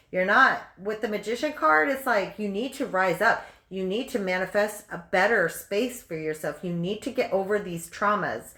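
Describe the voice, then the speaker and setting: At her table at home, a woman gives a casual tarot reading, chatty and blunt, throwing out rhetorical questions and calling the listener honey. Her mid-range voice is a bit bright and sounds reverberant.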